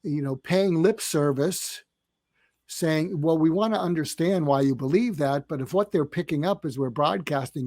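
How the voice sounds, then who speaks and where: A man's voice: fairly high pitch, moderate pace, darkish tone, no echo. An older man, a psychiatrist guest on a podcast, telling stories in a meandering way with lots of fillers and acted-out dialogue. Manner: meandering, filler-heavy, acts out quoted dialogue. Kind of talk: storytelling in a podcast interview.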